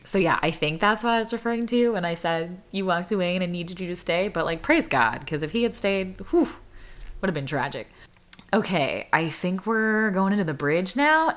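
Singer-songwriter, woman, 30s, deep voice, candid storyteller, loose and laughing. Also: expressive, moderate pace. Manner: chatty and candid, full of "like" fillers, laughs often. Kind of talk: casual storytelling.

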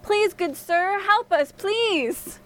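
A woman voicing a gentle young princess in a storybook tale, pleading and distressed. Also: very high-pitched, expressive, very slow, pitched above the performer's own voice, heavily acted.

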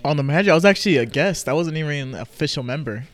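A man's voice: a little high, lively intonation, very fast, dry recording. A young man co-hosting a podcast, chatting casually, teasing his friend, with loose filler words. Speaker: podcast co-host. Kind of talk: casual chat.

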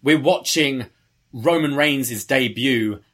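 A man with a slightly husky, mid-pitched voice talks casually as a podcast co-host. He walks through old events in a relaxed, conversational way. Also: slow. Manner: conversational, recounting wrestling history. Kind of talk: casual chat.

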